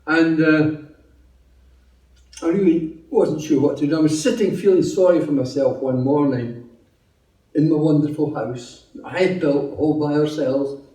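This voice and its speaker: A man's voice: a little high, unhurried, dark tone, roomy sound, far from the mic, rough recording. A Scottish man giving a personal testimony at a meeting, telling his story in a chatty, humorous way. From Scotland. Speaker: testimony speaker.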